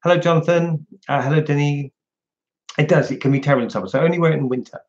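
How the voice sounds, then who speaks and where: A man's voice: fairly high pitch, rapid-fire, a little mellow, lo-fi sound. A man hosting a casual livestream, chatting and answering viewers' questions one by one. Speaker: livestream host.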